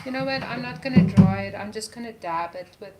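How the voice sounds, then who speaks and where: A woman's voice: mid-range voice, fairly quick, heavy background noise. A woman teaching a live art journaling lesson, talking through each step as she paints and gushing over colors. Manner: enthusiastic about colors, repeats words.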